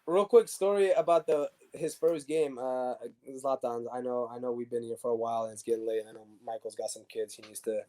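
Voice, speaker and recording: Brief: male guest, mellow warm tone, lively anecdote teller, podcast interview. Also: medium pitch, a little fast, few pauses. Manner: animated storyteller acting out dialogue. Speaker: guest, former pro soccer defender. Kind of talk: casual storytelling interview.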